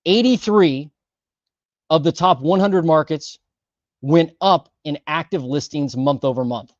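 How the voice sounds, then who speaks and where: A man's voice: fairly high pitch, a little slow, no room sound. A man walking through housing market numbers, stressing and repeating key figures as he goes. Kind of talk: data walkthrough commentary. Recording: dry, slightly dull sound.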